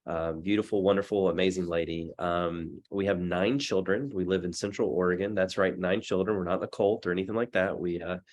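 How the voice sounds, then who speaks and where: A man in his thirties giving a rambling, chatty talk over a video call from a dark hotel room, with lots of fillers and restarts. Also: deep voice, fairly even intonation, brisk, few pauses. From Texas. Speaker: guest speaker.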